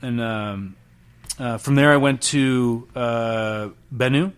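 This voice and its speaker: A man's voice: medium pitch, takes it slowly, clear, resonant tone. A man in his thirties from Utah, a chef telling stories casually in an interview, with lots of fillers and the odd swear. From Salt Lake City, Utah. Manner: relaxed storytelling, many fillers, laughs and swears. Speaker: chef, podcast guest.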